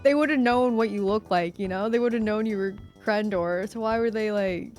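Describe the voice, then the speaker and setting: A woman co-streamer chatting casually, excitable, swearing and laughing a lot. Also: mid-range voice, moderate pace, soft background music. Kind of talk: casual chat on a livestream.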